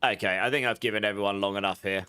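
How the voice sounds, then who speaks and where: A man's voice: on the low side, fairly even intonation, racing, sharp tone, smooth. A man streaming a game, chatting casually with viewers, greeting them by name and laughing often. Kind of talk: casual livestream chat with viewers.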